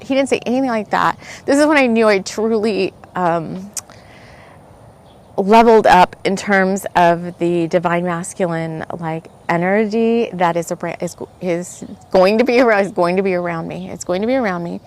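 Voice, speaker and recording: Female podcast host, casual spiritual chat, rambling and animated delivery. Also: medium pitch, moderate pace. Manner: rambling, animated storytelling with frequent "like" and laughs.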